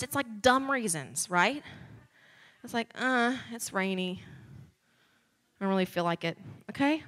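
Preaching in a big church hall whose long reverb echoes her voice, an American woman speaks high and bright. She begins in a conversational tone before rising to fervent emphasis.

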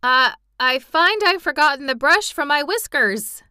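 A woman's voice: sits high, lively intonation, unhurried, sharp tone, no room sound, clean studio sound, voice pushed up, exaggerated voice. A woman voicing a cowardly army general who stammers nervously.

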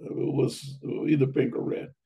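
An older man reminiscing about his academy days, halting with many fillers and restarts, his voice going hoarse and his throat needing clearing. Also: mid-range voice, little pitch movement, dark tone, poor audio. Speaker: interviewee, academy alumnus. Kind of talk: reminiscing conversation.

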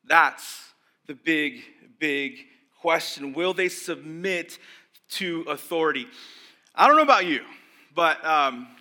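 Bright, lively young preacher. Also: male voice, on the high side, slow. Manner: conversational, animated, acts out voices of religious leaders. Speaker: pastor. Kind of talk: sermon.

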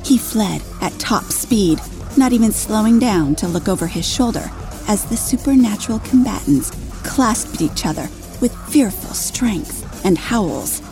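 Woman narrator for erotic horror audio, slow and mellow, faint music bed. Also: medium pitch, animated.

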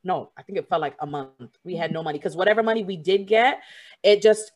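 A woman's voice: on the low side, a little fast. Young woman telling a story casually. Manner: rambling storytelling, many "like" fillers, quotes others. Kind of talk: casual conversation.

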